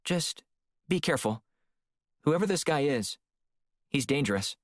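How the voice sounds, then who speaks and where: A male audiobook narrator voicing a steady, cautious female intelligence handler who talks in a measured, advising way. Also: on the high side, no echo, clean studio sound, voice pushed up.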